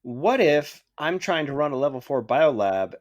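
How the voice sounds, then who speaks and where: Animated, joking male podcast co-host. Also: on the high side, moderate pace. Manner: joking, profane, thinking aloud. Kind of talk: casual chat.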